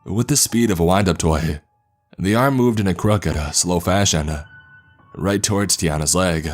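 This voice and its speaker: A man narrating a horror story in a measured, dramatic storytelling manner. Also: deep voice, faint music behind.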